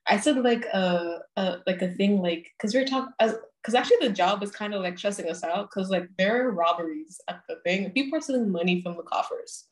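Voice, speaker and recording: A woman's voice: mid-range voice, a little fast, few pauses. Chatty young woman, lots of fillers. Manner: chatty, filler-heavy, laughs often. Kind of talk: casual chat.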